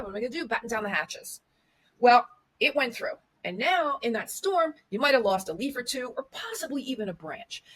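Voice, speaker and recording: A woman's voice: fairly high pitch, fairly bright tone. A woman speaking as a podcast guest and media coach, giving motivational advice in an emphatic style with repeated lists and restarts. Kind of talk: motivational interview talk.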